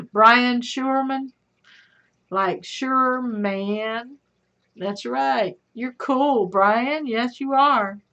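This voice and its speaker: A fairly high-pitched, somewhat bright female voice belongs to a middle-aged woman hosting a livestream. Reading comments and chatting with viewers, she calls them sweetheart and honey over dull lo-fi stream audio.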